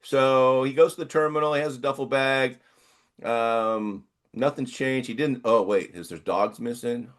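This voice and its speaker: An older man co-hosting a casual chat, rambling and reading text aloud in halting bits. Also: medium pitch. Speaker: podcast co-host.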